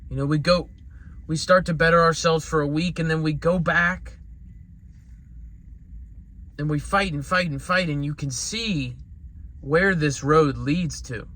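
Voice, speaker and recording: A man's voice: a little high, a little slow, pauses often, bright, forceful tone. A man giving an earnest, rambling motivational talk with salty language. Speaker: motivational speaker.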